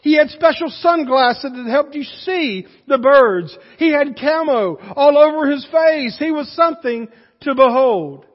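A man preaching a sermon, telling a folksy story with lively animation. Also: extremely high pitch, a little slow, long reverb tail, muffled recording. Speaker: pastor.

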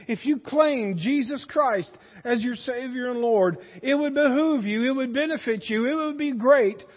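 A male pastor preaching a sermon in a folksy, storytelling way that rises to loud emphasis. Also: very high-pitched, normal speed. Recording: dull sound with long hall reverb.

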